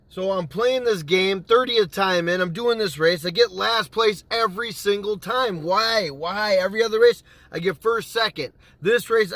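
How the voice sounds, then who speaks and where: A man telling a gaming story to camera in a casual, animated way, swearing freely and acting out what he said back then. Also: fairly high pitch, no echo. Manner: animated, swears freely, acts out his own past lines. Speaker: gaming YouTuber.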